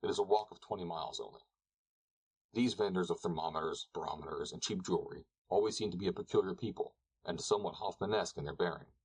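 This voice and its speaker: A man narrating an audiobook, reading calmly and evenly. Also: low voice, fast, vocal fry, breathy edge, poor audio. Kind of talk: scripted narration.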